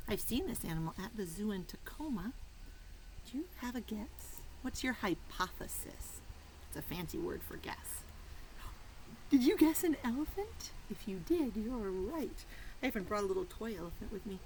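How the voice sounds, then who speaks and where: A young woman reading a picture book aloud to preschoolers, animated and sing-song, stretching words out slowly and dropping into soft whispers. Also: fairly high pitch, slight background noise, poor audio. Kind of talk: children's read-aloud.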